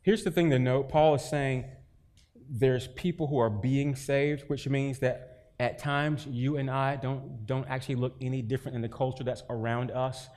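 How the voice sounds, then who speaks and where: A man's voice: mid-range voice, steady tone, moderate pace, darkish tone, big-room sound. Male pastor, mid-range voice, conversational sermon with emphatic swells. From North Carolina, US. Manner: conversational preaching with rising emphasis and folksy stories.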